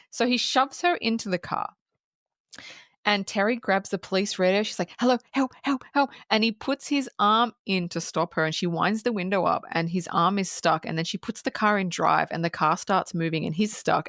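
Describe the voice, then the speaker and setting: A woman recaps a comedy film for her podcast in loose, chatty retelling, full of swearing and quick impressions of the characters. Her voice sits in a middle register. The sound is close and dry, with no room in it. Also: medium pitch, no echo. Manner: animated storyteller who acts out quotes and swears freely. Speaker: podcast co-host.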